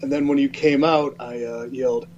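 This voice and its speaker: A man's voice: mid-range voice, moderate pace. Man in his thirties, laughing storyteller. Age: 30s. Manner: laughing storyteller, relaxed, self-mocking. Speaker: guest. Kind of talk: casual podcast chat. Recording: slightly dull sound with faint hum.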